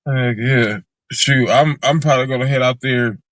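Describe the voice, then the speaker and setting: A man co-hosting a podcast in casual chat, chiming in with quick reactions and easy laughs. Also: medium pitch, fairly bright tone, no echo, poor audio. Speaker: podcast co-host.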